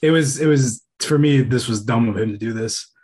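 A man co-hosting a casual sports podcast, offering a measured, critical view. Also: medium pitch, darkish tone, husky. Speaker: podcast co-host.

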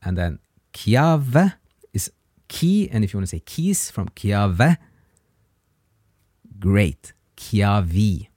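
Male language teacher, patient and encouraging, low voice with a lot of movement. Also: very animated, darkish tone, husky, dry recording, clean studio sound. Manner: patient, encouraging, pauses for learner answers. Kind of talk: grammar lesson.

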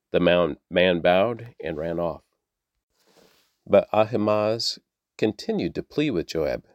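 A man reading scripture aloud in a steady, measured way. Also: sits low, no echo. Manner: steady, measured, with small slips. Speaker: Bible reader.

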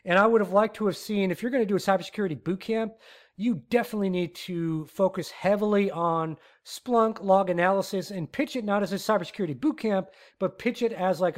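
A man hosting his own podcast, ranting in a rambling, animated way with many fillers and restarts. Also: fairly high pitch. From Texas. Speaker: podcast host. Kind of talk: solo podcast rant.

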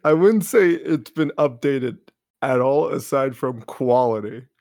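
A man's voice: mid-range voice, measured pace, creaky, darkish tone, no echo. A man co-hosting a podcast, chatting casually and joking with a rambling, laughing manner. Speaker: podcast co-host. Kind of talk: casual chat.

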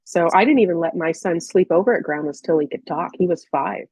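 A woman's voice: lowish voice, a little fast, darkish tone. A woman in her thirties, speaking as a podcast guest and telling personal stories in a candid, chatty way with hesitant restarts. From Canada. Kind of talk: casual personal storytelling.

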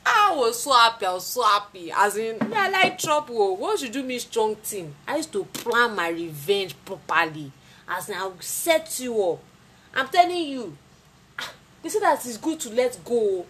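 A young woman with a Nigerian accent telling a personal story in a casual, dramatic way, with sudden leaps in pitch. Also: normal speed, a little hiss or hum. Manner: lively, dramatic retelling with sudden jumps in pitch.

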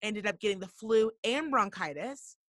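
A woman hosting a talk show, telling a story in a blunt, profane and animated way. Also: medium pitch, moderate pace, dry recording, clean studio sound. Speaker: podcast host. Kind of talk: casual storytelling.

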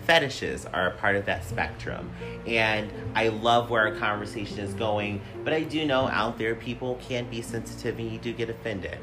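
A man's voice: on the low side, normal speed, music in the background. A man hosting a casual podcast, talking in a sassy, campy and profane way with a somewhat whiny voice. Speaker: podcast host.

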